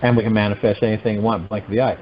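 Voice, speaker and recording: A man hosting a meditation call, giving a spiritual teaching talk in an animated, musing way full of rhetorical questions. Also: fairly low pitch, rapid-fire, muffled recording, slight background noise. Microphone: telephone conference line.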